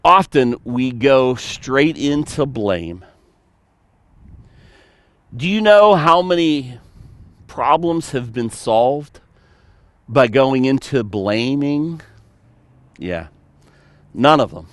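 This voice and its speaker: A man preaching a sermon as pastor, animated, telling stories and slipping into playful mock voices. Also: mid-range voice, extremely slow, pauses often, no echo.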